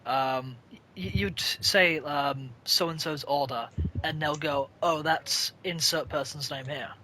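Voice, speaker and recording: A man's voice: fairly high pitch, slow, bright, forceful tone, slight background noise. A young man in casual chat, telling rambling shop stories with swearing and laughter. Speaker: podcast co-host.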